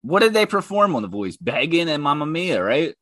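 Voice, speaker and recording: A man's voice: on the high side, big pitch swings, brisk, fairly bright tone, no room sound. A man hosting his own podcast and ranting about online comments, heated, profane and mocking. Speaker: podcast host.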